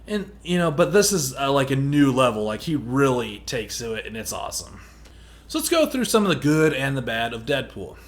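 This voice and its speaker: A man's voice: mid-range voice, big pitch swings, normal speed. A man casually reviewing a movie in a rambling, candid way and swearing now and then. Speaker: film reviewer.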